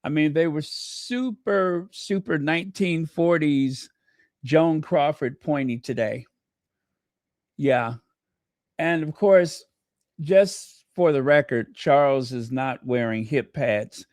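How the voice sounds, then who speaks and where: A man's voice: on the high side, takes it slowly, darkish tone, no echo, clean studio sound. A man hosting a casual livestream, trading snarky gossip, thanking viewers and breaking into bits of song. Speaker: livestream host.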